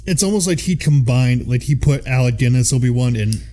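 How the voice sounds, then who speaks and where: Mellow Midwestern man, rambling fan chat. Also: medium pitch, lively intonation, brisk. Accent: Midwestern American. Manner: rambling, enthusiastic, lots of fillers. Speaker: podcast co-host. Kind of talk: casual chat.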